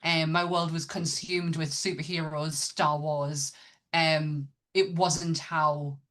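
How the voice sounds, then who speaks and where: A woman's voice: low-pitched, flat delivery, slow pace, fairly bright tone. A woman with a British accent co-hosting a casual podcast, chatty, with many ums and restarts. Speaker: podcast co-host.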